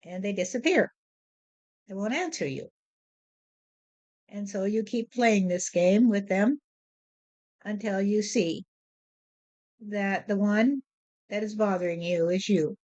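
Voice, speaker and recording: Woman with a slow, measured spiritual voice. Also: medium pitch, darkish tone, dull audio. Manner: slow, measured, repeats "you see". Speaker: spiritual medium. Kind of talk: spoken spiritual monologue. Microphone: handheld voice recorder.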